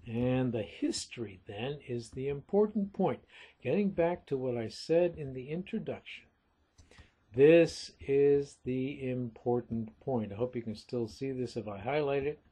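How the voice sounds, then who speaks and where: A man teaching literature in a recorded lecture, explaining things deliberately and calling his listeners folks. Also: mid-range voice, warm tone, husky.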